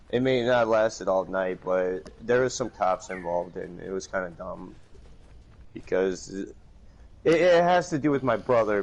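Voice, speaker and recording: A man chatting casually on a live stream, telling stories and acting out phone calls. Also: on the low side. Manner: animated storytelling, acts out phone calls in raised voices. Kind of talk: casual chat.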